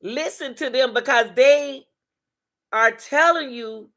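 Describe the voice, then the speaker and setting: A woman's voice: high-pitched, slow, a bit bright. A woman hosting a casual advice talk on relationships, emphatic and repetitive, speaking straight to her listeners.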